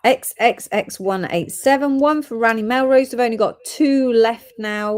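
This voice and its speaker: A woman's voice: on the high side, measured pace, a little mellow. A woman hosting a live gem sale, chatting and reading out orders and codes.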